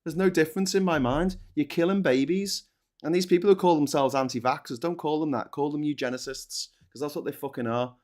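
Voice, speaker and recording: A man's voice: fairly high pitch, brisk, darkish tone. A British man co-hosting a casual live stream, reading viewer comments and ranting bluntly with frequent swearing and restarts.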